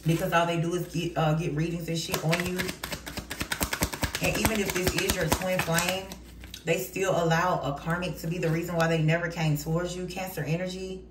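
A woman's voice: lowish voice, steady tone, normal speed. A woman giving a casual tarot reading in a blunt, heated, profane way. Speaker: tarot reader. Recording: roomy, distant mic, noisy.

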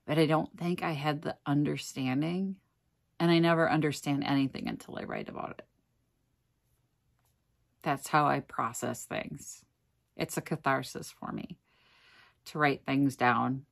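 A woman's voice: deep voice, steady tone, a little slow, gravelly, long pauses. A woman vlogger talking earnestly and wearily to camera, exhausted and close to tears at times. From Minnesota, USA. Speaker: thrift reseller vlogger. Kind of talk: casual emotional talk to camera.

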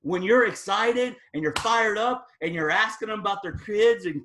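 A man's voice: sits high, moderate pace, hardly any pauses, bright, forceful tone, slight background noise. A man speaking as a guest at a sales team training, delivering a motivational talk in an emphatic, fired-up and casual, slangy way.

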